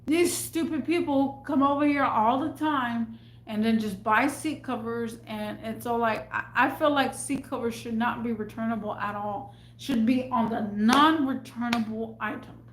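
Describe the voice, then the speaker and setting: A woman's voice: on the high side, moderate pace, echoey room, a little hiss or hum. A woman who works in a store, telling an agitated, cursing story with stammered restarts. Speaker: retail store worker. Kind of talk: ranting storytime vlog. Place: at work in a store.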